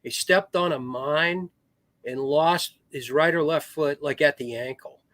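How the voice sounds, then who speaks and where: A middle-aged man talks through long military anecdotes with plenty of restarts and acted-out quotes. His voice sits a bit high for a man. The sound is very dry and close, with no room around it. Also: unhurried, a bit bright, no echo. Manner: rambling war stories with restarts, acts out quoted voices. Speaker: podcast guest, retired Marine officer. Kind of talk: casual storytelling.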